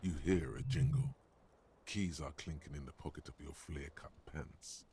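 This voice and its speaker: A man's voice: rumbling low, moderate pace, dark tone, slight background noise. A man voicing a grave narrator in a video game, telling the scene in a dry, grimly witty way.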